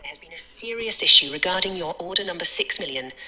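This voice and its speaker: A woman's voice: fairly low pitch, animated, quick pace, pushed and bright. A woman voicing a polite, tone-deaf female AI customer care agent who talks in scripted service phrases. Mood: bright scripted.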